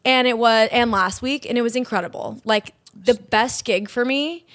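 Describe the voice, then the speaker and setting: Young woman, podcast co-host, casual chat, lively storyteller, dry close sound. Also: fairly high pitch, moderate pace, no echo. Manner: animated storyteller, acts out quotes.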